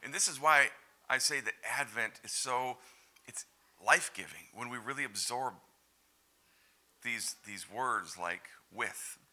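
A male pastor giving an animated, conversational sermon and asking the congregation direct questions. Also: medium pitch, unhurried, pauses often.

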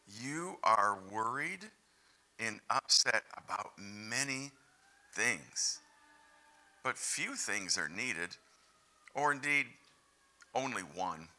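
A man reading as a gentle, calm Lord. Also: heavily acted. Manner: slow, low, soothing reading.

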